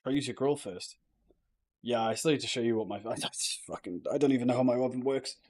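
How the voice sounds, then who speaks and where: During a casual live stream, a young British man jokes with viewers and swears freely in a loose, easygoing way. He's a fast talker with a medium-pitched, slightly mellow voice.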